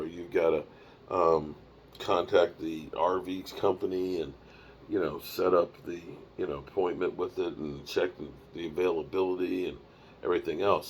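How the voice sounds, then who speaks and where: Broadcasting live from a mobile rig on the road, a man in his fifties talks through a microphone and small mixer, rambling and yawning with fatigue. He has a deep voice, and a bit of background noise comes through.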